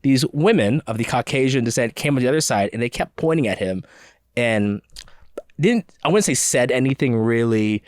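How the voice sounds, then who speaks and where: A man guest on a podcast, telling a story in an animated, quick way and laughing often. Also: mid-range voice, dry recording, clean studio sound. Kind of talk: casual storytelling chat.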